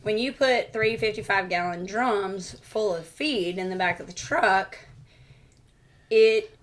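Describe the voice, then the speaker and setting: A woman co-hosting a homestead chat show, telling a story in a lively way, laughing often and acting out the voices she quotes. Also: mid-range voice, takes it slowly. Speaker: co-host of homestead Q and A.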